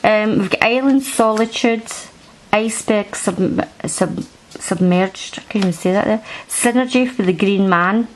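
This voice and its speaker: A woman's voice: mid-range voice, a little slow, slight background noise, poor audio. A woman chatting through a card deck review at home, rambling and restarting her sentences. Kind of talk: casual show-and-tell review. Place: at home, indoors.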